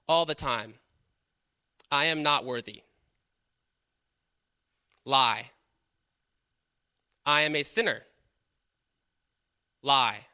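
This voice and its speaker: Earnest man preaching, bright dry voice. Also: mid-range voice, no echo. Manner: earnest, questioning, keeps adding "right?". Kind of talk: sermon.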